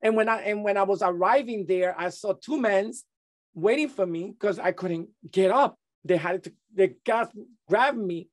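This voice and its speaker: Middle-aged man, interview guest; halting testimony, lots of restarts. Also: sits high. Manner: halting, many restarts and repeated words.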